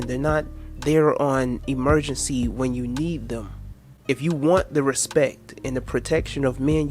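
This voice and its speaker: A man's voice: medium pitch, darkish tone. A man hosting a reaction video, lecturing in a preachy way, quoting scripture with crude asides.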